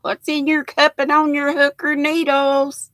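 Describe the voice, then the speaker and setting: A woman, hosting a relaxed live chat and greeting viewers by pet names. Her voice sits a little high and sounds bright and clear. She speaks slowly, and the recording is dry and close. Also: no echo. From Southern United States. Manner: chatty, affectionate, calls viewers pet names. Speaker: live-stream host.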